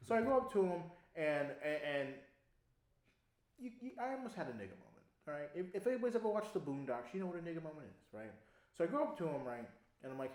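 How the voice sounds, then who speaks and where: Animated young man telling a story. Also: fairly high pitch, fairly quick. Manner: animated, laughs often, swears casually. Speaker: podcast co-host. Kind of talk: casual storytelling chat. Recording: echoey room.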